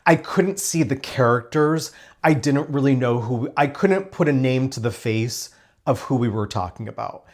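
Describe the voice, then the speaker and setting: Guy doing a chatty tv review, enthusiastic, rambles a bit, mid-pitched voice. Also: lively intonation, moderate pace. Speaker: TV review host. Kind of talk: casual spoiler review.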